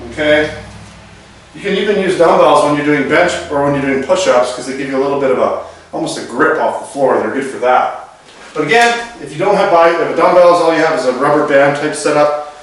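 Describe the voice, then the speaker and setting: A man's voice: mid-range voice, fairly bright tone. A man over forty demonstrating home exercises, chatty and slightly out of breath as he moves, recorded in an echoey room. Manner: loose and chatty, with restarts. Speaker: fitness instructor. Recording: very echoey, distant camera audio.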